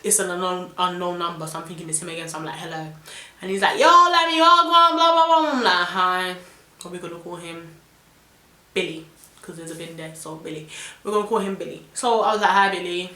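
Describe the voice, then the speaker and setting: Young London woman, vlogger, bright and indignant storytelling, echoey room. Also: on the low side, flat delivery, fast. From London, England. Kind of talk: storytime vlog.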